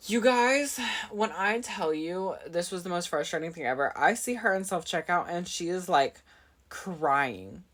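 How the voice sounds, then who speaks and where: A woman's voice: fairly low pitch, animated, a little slow. A young adult woman vlogger telling a dramatic story in casual chat, full of fillers and asides to her viewers. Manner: chatty, dramatic, filler-heavy with constant "like".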